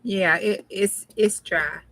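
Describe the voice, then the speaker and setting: Woman, Southern US accent, unhurried speech, bright voice, chatty and giggly, crafting livestream host. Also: medium pitch, fairly even intonation, gravelly. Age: middle-aged. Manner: chatty, laughs often, talks to viewers. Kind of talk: casual crafting livestream chat.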